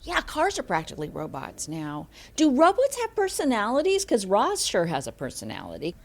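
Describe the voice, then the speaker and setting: A woman's voice: mid-range voice, wildly swooping pitch, normal speed, gravelly. A woman hosting a children's book podcast, introducing readers and prompting kids with questions. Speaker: podcast host. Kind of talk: hosting a kids' book discussion.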